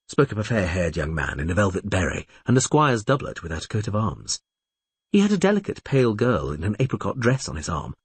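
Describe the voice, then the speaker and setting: A man's voice: fairly low pitch, sing-song, a little fast, slightly rough, dry recording. A man narrating a fantasy audiobook, reading expressively and voicing all the characters himself.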